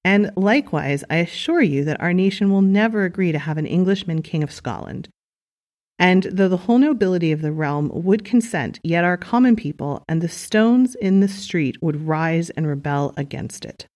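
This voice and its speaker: A woman's voice: on the low side, expressive, normal speed, a little mellow, close to an everyday voice. A woman reads out the words of a blunt Scottish official in her own voice, earnest and defiant. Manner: earnest, read-aloud quotation.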